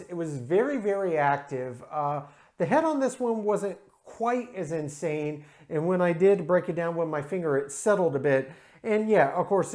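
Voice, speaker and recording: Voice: medium pitch, a little mellow. Enthusiastic beer reviewer, methodical. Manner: enthusiastic, methodical, scores each category aloud; frequent "uh" and "um" fillers. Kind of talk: casual review talk to camera.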